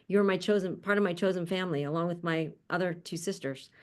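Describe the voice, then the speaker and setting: A woman with a lowish, darkish voice talks fast as she hosts an online panel over a video call. As the conference host, she introduces the speakers in casual, upbeat, chatty remarks and laughs often.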